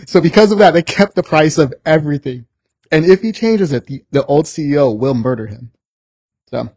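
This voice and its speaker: A young American man telling stories in a casual podcast chat, animated and swearing freely. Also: fairly high pitch, normal speed, breathy edge, no echo. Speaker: podcast guest.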